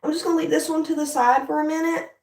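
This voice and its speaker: A young woman hosts a livestream while doing her hair, talking casually to viewers as frustration makes her swear. Her voice sits high, steady and a little mellow, and she talks fast; the mic is distant in an echoey room.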